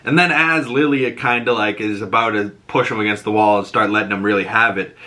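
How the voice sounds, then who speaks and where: A man hosting a casual TV episode recap, animated, acting out the characters' lines and laughing often. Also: fairly low pitch, fairly quick. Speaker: host.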